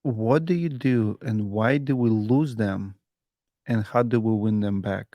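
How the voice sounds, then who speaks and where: A man hosting a podcast, asking questions in a halting way, dropping small words. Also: lowish voice, mellow, no echo. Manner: asks questions, drops articles, halting. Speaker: podcast host. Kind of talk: casual podcast interview.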